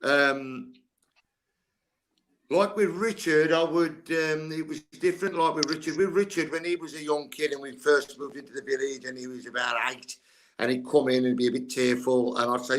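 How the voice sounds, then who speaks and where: A man's voice: mid-range voice, steady tone, brisk, fairly bright tone. An older man, a guest sports coach telling blunt, candid stories and swearing freely. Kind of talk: candid storytelling chat.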